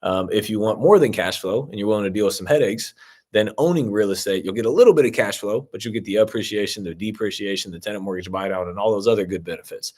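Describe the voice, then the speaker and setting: He's a fast-talking man from Ohio, his voice on the low side and a little mellow. Coaching on real estate investing, he fields viewer comments in a casual live-stream Q&A, loose and filler-heavy, and upbeat with his audience.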